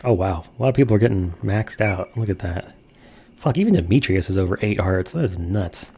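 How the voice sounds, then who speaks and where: A man's voice: low voice, expressive, a little fast, mellow, slight background noise. A man giving casual, profane, self-mocking let's-play commentary as he plays a farming game. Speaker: gaming streamer.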